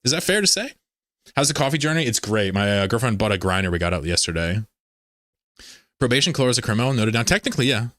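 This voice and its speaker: A man's voice: medium pitch, lively intonation, quick pace, a bit bright, no echo, clean studio sound. A man hosting a casual livestream, rambling, laughing often and reading chat messages aloud. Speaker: livestream host.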